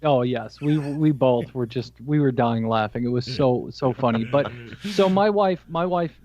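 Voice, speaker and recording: A man's voice: medium pitch, normal speed, a little mellow. A man co-hosting a podcast in casual chat, telling stories with a laugh. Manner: jokey, laughs at his own stories. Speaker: podcast co-host.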